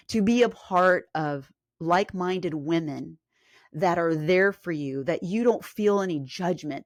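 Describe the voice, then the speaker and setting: A woman's voice: lowish voice, no echo, clean studio sound. A woman hosting a fitness podcast, talking casually, enthusiastic and emotional, rambling with restarts. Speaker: fitness coach and podcast host.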